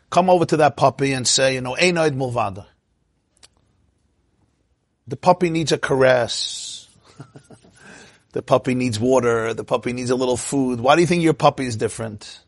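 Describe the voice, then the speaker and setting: A man giving an informal Torah lecture in a lively, joking way, acting out inner voices. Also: medium pitch, normal speed, dry recording, studio quality. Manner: animated, acts out inner voices, laughs at own jokes. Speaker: Torah class teacher.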